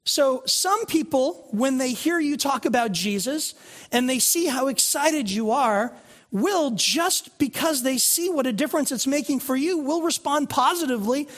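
A man's voice: extremely high pitch, lively intonation, normal speed, fairly bright tone. A male pastor preaching a conversational sermon, telling stories and asking the congregation questions. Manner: conversational, storytelling, rhetorical questions. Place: church sanctuary.

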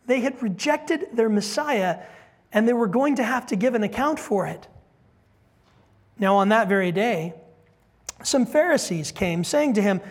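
A preacher delivers an expository sermon in a mid-pitched voice. The delivery is animated, building to loud, emphatic peaks and then dropping to a hushed near-whisper. The preacher often puts questions straight to the congregation. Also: a little slow, pauses often. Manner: asks the congregation direct questions. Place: church service with a congregation.

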